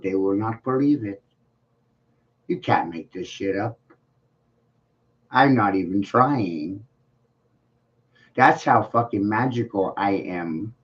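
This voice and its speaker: A video blogger rants profanely at the camera, mocking, swearing, and laughing at his own points. His voice is lowish, and the recording has a dull lo-fi sound.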